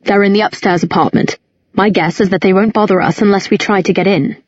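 A woman reading an audiobook, voicing a confident young man with a clipped, coolly assured manner and a husky tone. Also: medium pitch, fairly even intonation, a little fast, dry recording, dull audio, lightly acted.

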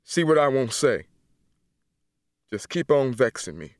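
A man's voice: mid-range voice, very animated, a little slow, no echo, studio quality. A man voicing a sullen, bitter young male prisoner who taunts in clipped rural dialect, in an audiobook reading. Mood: taunting.

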